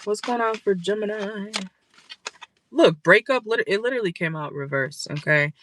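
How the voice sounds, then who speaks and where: A woman's voice: mid-range voice, normal speed, a bit bright, poor audio. A woman giving a casual tarot reading from her car, blunt and scolding, swearing freely, with a stuffy nose. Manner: blunt, scolding, profane, chatty. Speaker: tarot reader. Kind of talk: casual direct-to-camera reading. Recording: noticeable background noise.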